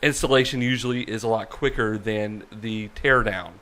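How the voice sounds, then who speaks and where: Bright-voiced man telling a story. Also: fairly low pitch, fairly even intonation, moderate pace. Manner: self-mocking, rambling storyteller. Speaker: podcast co-host. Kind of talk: casual chat.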